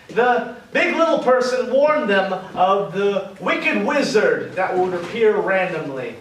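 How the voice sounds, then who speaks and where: A man's voice: sits high, big pitch swings, a little slow, few pauses, background noise. A man improvising a comic story as narrator on stage, rambling and correcting himself as he goes. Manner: rambling, self-correcting, laughing at his own story. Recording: very echoey, distant live stage recording.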